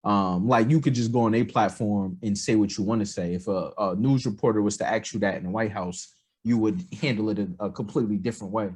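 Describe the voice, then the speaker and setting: Husky low-voiced man in casual chat. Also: a little fast. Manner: rambling, animated, lots of fillers. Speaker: podcast co-host.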